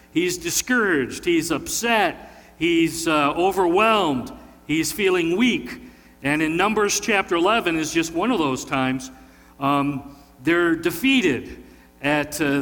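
A man's voice: sits high, sharp tone, big-room sound. A man preaching as pastor in a church, opening with a prayer and then talking through a sermon in a folksy, conversational way, often asking the congregation questions. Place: church sanctuary.

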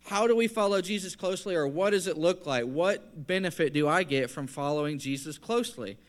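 A man's voice: on the high side, lively intonation, brisk. A man preaching a sermon in an earnest, conversational way, building to emphatic points.

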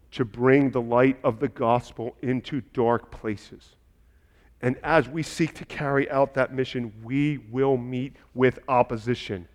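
A man preaching a sermon as a pastor, impassioned and building to loud, emphatic delivery. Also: medium pitch, long reverb tail.

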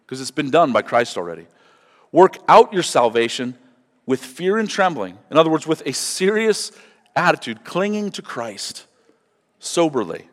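A man's voice: medium pitch, very animated, a little slow, long pauses. Male pastor, sermon, earnest, punches key words, long reverb tail from a church hall. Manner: earnest, emphatic on scripture, asks the room "okay?".

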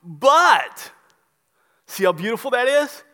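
A man preaching a sermon as pastor, emphatic and repetitive, dropping soft on key words. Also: very high-pitched, sing-song, slow pace, big-room sound.

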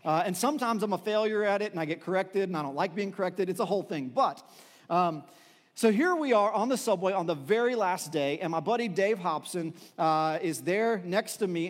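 A man's voice: high voice, animated, moderate pace, big-room sound. A man preaching a sermon in a conversational, storytelling way, with filler words and restarts. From Texas. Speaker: pastor.

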